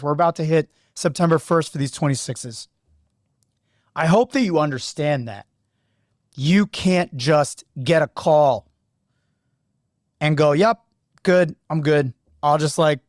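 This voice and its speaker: A man hosting a podcast who coaches high school lacrosse, telling stories in an animated, earnest way. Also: no echo, studio quality. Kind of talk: casual podcast storytelling.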